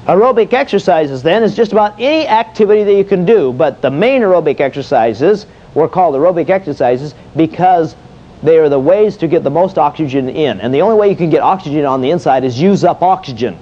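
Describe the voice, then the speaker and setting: A man's voice: fairly high pitch, animated, a little fast, warm tone. A man leading an exercise demonstration as a fitness instructor, folksy and jokey, asking questions and answering them himself. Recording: dull lo-fi old video sound.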